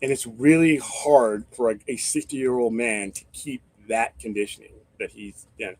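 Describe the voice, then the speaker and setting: A man's voice: mid-range voice, normal speed, few pauses, darkish tone. A man hosting a casual live-stream chat, rambling and swearing freely as he thinks aloud with restarts. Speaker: host.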